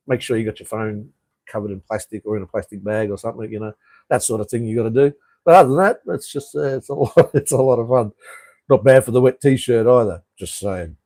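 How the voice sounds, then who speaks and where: A man's voice: fairly low pitch, mellow, no echo, low-quality recording. An Australian man hosting a casual live stream chat from a room above a street, rambling with frequent ums and uhs. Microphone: camera he turns toward the street.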